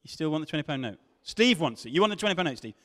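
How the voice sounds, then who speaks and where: A man preaching to a congregation, his voice sitting a little high for a man. He swings from loud, rising questions down to near-whispers. The sound rings with the long reverb of a large hall. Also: big pitch swings, racing. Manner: dramatic, swinging from loud questions to hushed tones. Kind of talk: sermon.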